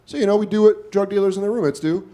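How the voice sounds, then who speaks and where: A man's voice: high-pitched, racing. A man doing stand-up comedy on a club stage, telling a crude story and acting out other people's lines. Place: comedy club stage before a laughing crowd. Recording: live club with loud crowd laughter.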